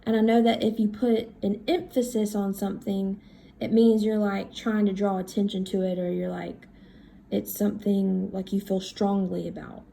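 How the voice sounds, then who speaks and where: A woman teacher giving a recorded reading lesson, talking slowly and thinking aloud as she works through words. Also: mid-range voice, little pitch movement, creaky, mellow, slight background noise. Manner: slow, thinking aloud while writing.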